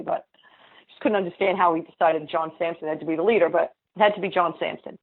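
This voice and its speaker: A woman state senator telling a story in an interview, blunt and lively, acting out the dialogue and laughing often. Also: fairly low pitch, fast talker, gravelly, slightly rough. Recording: tinny phone-like line.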